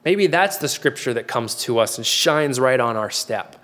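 A man's voice: mid-range voice, expressive, normal speed, fairly bright tone, big-room sound. Earnest conversational man preaching. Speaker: pastor. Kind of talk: sermon.

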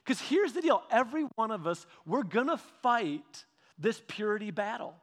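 A man preaching a sermon, telling stories with lively repetitions and restarts. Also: high-pitched, moderate pace. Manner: animated storytelling with repetitions and restarts. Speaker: pastor. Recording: long hall reverb.

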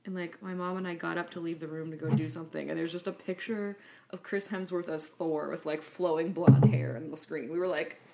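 A young woman co-hosting a casual chat, mostly giving short agreements and relaxed asides. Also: on the low side, fairly quick, gravelly, slight background noise.

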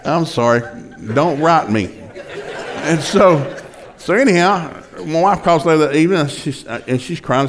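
A man's voice: a little high, lively intonation, moderate pace. An older man preaching a sermon, telling a funny story in a folksy, chuckling way. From rural Oklahoma.

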